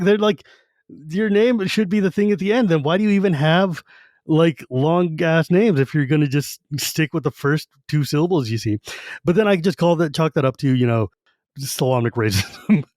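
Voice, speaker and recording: Animated man with a dry sound. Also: a little high, no room sound. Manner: animated, acts out quotes. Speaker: podcast co-host. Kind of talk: casual book discussion.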